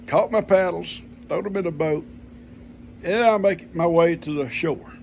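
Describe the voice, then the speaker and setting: An older man with a drawl spins a homespun yarn in a deeply gravelly, creaky voice that sits a little high for a man. His telling is folksy and easygoing. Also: a little slow, darkish tone, slight background noise. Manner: folksy, homespun grammar, chuckling storyteller. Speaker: vlogger telling a family story. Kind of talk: casual storytelling.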